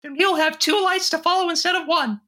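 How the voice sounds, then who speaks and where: A podcaster voicing a small, cheerful mouse hero in a fan read of a game scene, squeaky and earnest. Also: steady tone, brisk, bright, forceful tone.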